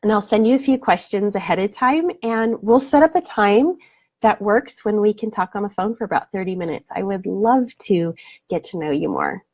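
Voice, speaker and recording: A woman's voice: mid-range voice, lively intonation, moderate pace, darkish tone, no echo. Effusive woman coach hosting a live stream. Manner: effusive and affectionate, blows kisses. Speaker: spiritual awakening coach. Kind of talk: live stream chat answering viewer comments.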